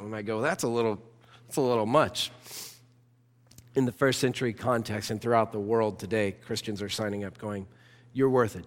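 A man, a pastor, preaching a sermon with impassioned, urgent exhortation. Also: lowish voice. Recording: long reverb of a church hall.

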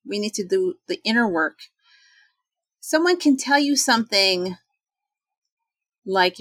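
A woman in her forties in casual talk, chatty and animated, acting out quoted voices with sudden jumps in pitch. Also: slow pace, long pauses, no echo. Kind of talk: casual talk on self-doubt.

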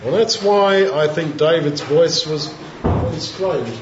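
A man giving an informal, reflective Bible teaching in a conversational way, pausing with fillers as he thinks. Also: fairly high pitch, expressive, faint music behind. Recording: roomy, dull lo-fi sound.

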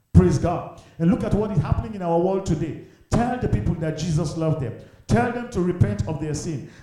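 A man's voice: on the high side, mellow. A male pastor preaching fervently in an empty church, repeating phrases and asking rhetorical questions. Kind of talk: sermon. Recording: very echoey church room.

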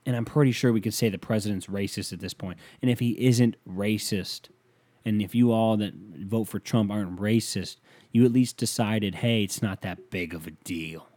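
Recorded in a bedroom with no room sound, this young solo podcast host leans on his mic and launches into a profane, exasperated, rambling rant. His lowish, warm voice keeps a normal speed and fairly even intonation.

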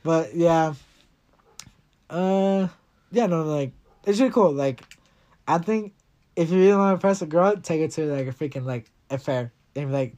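Young male podcast host, slightly high voice, laid-back rambling chat. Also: normal speed, long pauses, mellow. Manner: laid-back, joking, lots of fillers. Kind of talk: casual chat.

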